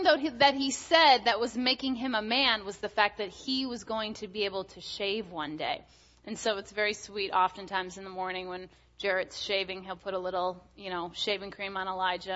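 A woman's voice: mid-range voice, pushed and bright, muffled recording. A woman in her thirties, a guest speaker giving a chatty, story-filled sermon with many filler words.

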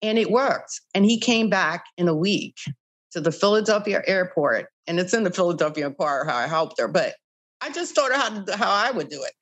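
A woman's voice: lowish voice, brisk. An older woman, founder of a child-recovery group, telling stories in an interview and acting out old conversations with many "you know" asides. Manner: animated, acts out past conversations. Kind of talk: interview storytelling.

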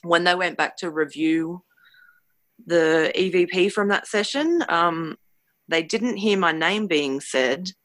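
A woman recounts a personal experience in an earnest, hesitant way, pausing often to find her words. Her voice is bright and forward. The sound is dry and close, with no room around it. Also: lowish voice, lively intonation, dry recording. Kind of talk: personal storytelling.

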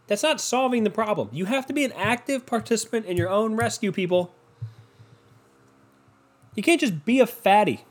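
A man in a casual rant monologue, profane and sarcastic, swinging between loud and soft into a desk microphone. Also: fairly high pitch.

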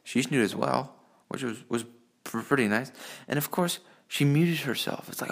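A man's voice: mid-range voice, brisk, vocal fry, a bit bright, husky. A man rambling through crude personal stories and jokes, profane and full of fillers, recorded on a phone. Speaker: monologue storyteller. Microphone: phone mic.

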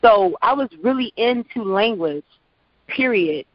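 A woman in her thirties with a low voice for a woman, a lively guest telling her story in a casual interview. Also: a little slow, dry recording. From Prince George's County, Maryland, US. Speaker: actress and voice-over artist, guest. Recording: dull lo-fi audio.

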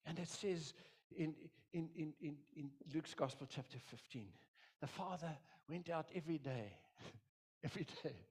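A man's voice: a little high, unhurried, darkish tone, breathy edge. A middle-aged man preaching as a pastor, with an impassioned, repetitive delivery that swells and drops. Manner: impassioned, repetitive preaching with dramatic quoted voices. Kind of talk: sermon.

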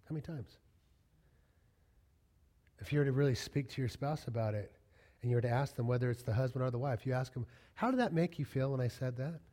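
A man's voice: medium pitch, brisk, long pauses, mellow. A man preaching a conversational sermon to his congregation, acting out little quoted exchanges as he goes. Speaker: pastor.

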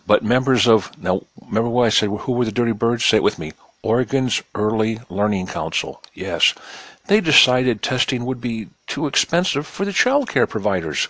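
A low-pitched man delivers a cynical, sarcastic rundown of the news, reading passages aloud and picking them apart. He speaks in a folksy, direct way to his listeners. The sound is dry and close, with no room around it. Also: expressive, normal speed, fairly bright tone, no room sound. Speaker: news commentator. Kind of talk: sarcastic news commentary monologue.

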